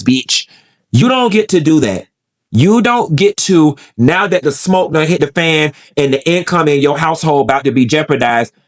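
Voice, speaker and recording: A man hosting celebrity gossip commentary, ranting in a sassy, blunt and profane way. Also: fairly high pitch. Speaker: host.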